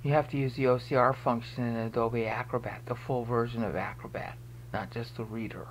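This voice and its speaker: A slight hiss or hum sits under a medium-pitched voice that moves briskly in a steady tone. It's a video presenter explaining research, narrating a screen-recorded walkthrough, thinking aloud as they search on screen and making pointed, emphatic remarks.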